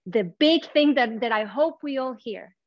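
A woman's voice: a little high, expressive, no room sound, lo-fi sound. Earnest woman preaching, non-native English speaker. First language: not English. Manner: earnest, heartfelt, with pauses and restarts. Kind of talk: sermon.

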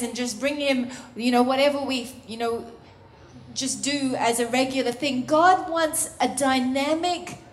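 A woman preaching a sermon in a soft, intimate, earnest way that often drops to a hush. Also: sits high, slight background noise. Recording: roomy echo.

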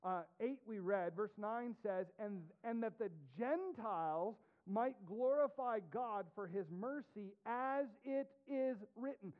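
A man with a high-pitched voice preaches a sermon, reading scripture with deliberate weight while his voice rises and drops sharply for emphasis. The recording is tinny and narrow, like a phone line.

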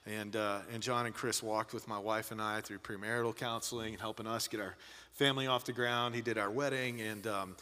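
A man's voice: lowish voice, fairly even intonation, a little fast, bright, forceful tone. A man, a church pastor, introducing a guest speaker with effusive praise. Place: church hall. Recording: long church hall reverb.

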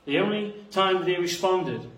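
A man's voice: high-pitched, normal speed. Earnest man preaching in an echoey room. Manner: earnest, shifts between quiet reflection and rising emphasis. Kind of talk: sermon. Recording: echoey room, voice a bit far from the mic.

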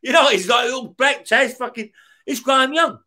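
A man's voice: extremely high pitch, brisk, pushed and bright. A middle-aged man tells prison stories in an interview, swearing heavily and acting out the dialogue. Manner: heavy swearing, acts out the dialogue in his stories. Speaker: guest, former career criminal. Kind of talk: casual storytelling in an interview.

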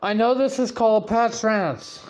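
A young man hosting a podcast, telling a story in a profane, animated rant. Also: sits high, measured pace. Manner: swears constantly, animated and rant-like. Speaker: podcast host.

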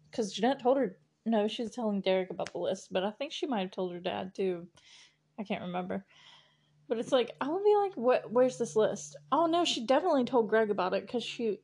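A woman's voice: mid-range voice, a little mellow. A young woman hosting a podcast, recapping an episode in a casual, chatty way with lots of giggles and fillers. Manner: chatty, giggly, full of "like" and "you know". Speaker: podcast host.

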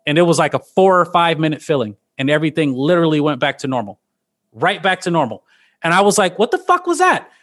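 A woman in her thirties, a podcast guest telling stories in casual chat, animated and profane, laughing often. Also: low-pitched, quick pace. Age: 30s.

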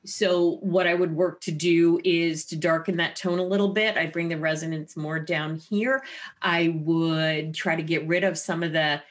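A woman voice therapist explaining her methods in an interview, with an animated, wide-ranging inflection. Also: fairly low pitch, measured pace. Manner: explanatory and clinical.

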